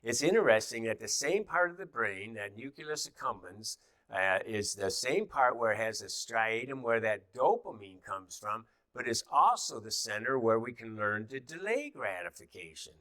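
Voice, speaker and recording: A man's voice: mid-range voice, big pitch swings, normal speed, sharp tone, no echo. A middle-aged man teaching a class in an easy, conversational way, with many fillers and restarts and little acted-out quotes.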